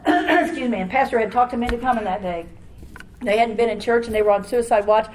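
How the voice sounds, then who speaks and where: A woman preaching a charismatic sermon in fast, run-on talk, clearing her throat and restarting often. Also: fairly high pitch, darkish tone, reverberant, a little hiss or hum, rough recording.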